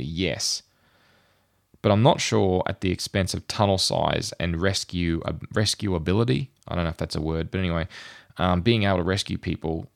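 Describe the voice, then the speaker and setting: Low gravelly man rambling. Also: no echo, clean studio sound. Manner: rambling, thinking aloud with many fillers. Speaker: podcast host. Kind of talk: casual chat.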